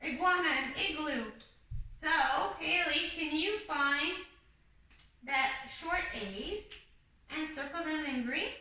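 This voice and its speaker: A young woman teaches a kindergarten video lesson, patiently drilling words one at a time for small children in a sing-song way. Her voice is high-pitched and sharp, she takes it slowly, and the mic sits at a distance in an echoey room.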